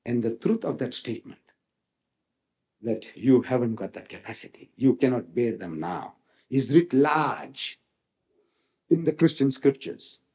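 A man's voice: mid-range voice, lively intonation, measured pace, pauses often, warm tone. A man giving a public religious lecture, emphatic, repeating phrases for effect and quoting scripture dramatically. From South Africa.

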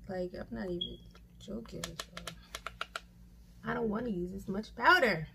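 A woman's voice: medium pitch, normal speed, creaky, noisy background. A young woman chatting casually through a makeup tutorial at home, self-mocking and swearing now and then. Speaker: beauty vlogger. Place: home room with mirror and lights. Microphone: camera mic.

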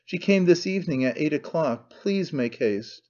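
A man's voice: a little high, expressive, moderate pace, mellow, dull audio, close to an everyday voice. A man voicing a desperate young husband who makes curt, urgent demands.

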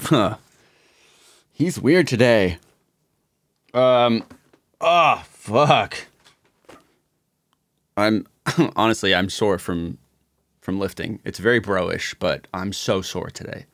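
Mumbling man, casual and gravelly. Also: on the low side, slow, pauses often, fairly bright tone, no echo. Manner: muttering to himself, swearing, self-mocking. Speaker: music producer streaming a session. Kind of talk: casual livestream chat while producing. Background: music from the session.

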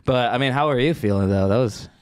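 A man's voice: medium pitch, quick pace, smooth, dry recording, studio quality. A young man co-hosting a podcast, trading crude, joking banter and swearing freely. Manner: brash, joking, swears a lot. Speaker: podcast co-host.

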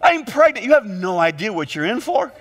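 A man preaching a humorous sermon as pastor, telling stories in an animated way with quick jokes and repeated words. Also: sits high. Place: church sanctuary. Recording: long hall reverb.

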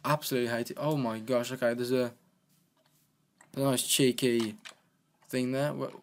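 A man's voice: medium pitch, steady tone, normal speed, a little hiss or hum. A man giving casual, rambling gameplay commentary as a let's play gamer, playful and often talking to himself.

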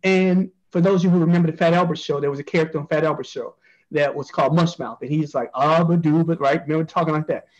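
A man's voice: fairly high pitch, steady tone, fast, a little mellow, muffled recording. An American man, a journalist speaking as a panel guest, earnestly answering and repeating phrases for emphasis. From United States.

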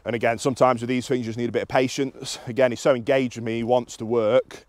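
A young man walks viewers through a dog training session in an open field. He speaks at an everyday middle pitch, calm and practical, switching to high excited praise when the dog comes back. The sound is dry, with little room echo. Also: quick pace. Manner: explains calmly, then bursts into high excited praise for the dog. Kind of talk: outdoor training demonstration.

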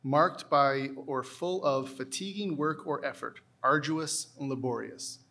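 Measured man pronouncing spelling words. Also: mid-range voice, sharp tone. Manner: measured, careful enunciation. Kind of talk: reading words and definitions aloud.

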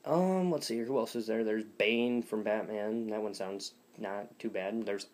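A man's voice: lowish voice, unhurried, a little mellow. A young man giving a casual, rambling video tutorial on voice impressions, full of fillers and self-deprecating asides. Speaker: voice impressions teacher. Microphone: phone or webcam.

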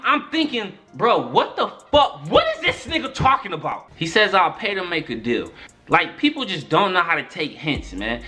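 A young man with a high, pushed, bright voice tells a story-time tale as a YouTube storyteller. He talks in casual, profane slang, often repeating "son" and "my nigga".

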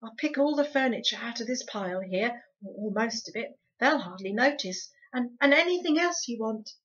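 A woman reading aloud as an eager young boy who trips over his words. His voice is raised, urgent and somewhat high. The recording is dull and lo-fi. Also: animated, moderate pace, a bit bright. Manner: eager, stammering.

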